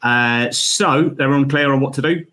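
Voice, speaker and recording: A man's voice: mid-range voice, moderate pace, bright, forceful tone. A man hosting a casual group quiz game, reading out questions and laughing at the answers. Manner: reads out pre-written questions, stumbles and laughs. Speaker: quiz host.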